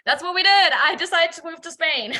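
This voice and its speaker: A young adult woman telling her life story in a relaxed interview, lively and full of fillers and repeats. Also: extremely high pitch, normal speed. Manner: animated, many fillers and repeated words. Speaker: guest. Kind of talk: conversational storytelling.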